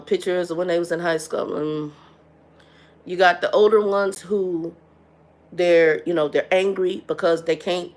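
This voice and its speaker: A middle-aged woman hosting a casual livestream chat, frank and blunt, often stumbling and repeating words as she talks. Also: lowish voice. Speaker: livestream host.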